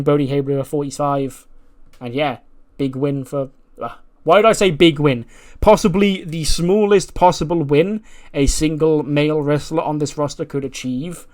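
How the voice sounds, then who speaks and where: A man narrates a wrestling management game playthrough like a running story. He talks casually and with energy, and his voice sits in a middle range for a man. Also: mid-range voice. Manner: animated storytelling, acting out characters. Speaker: gaming YouTuber. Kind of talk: recounting a wrestling sim playthrough.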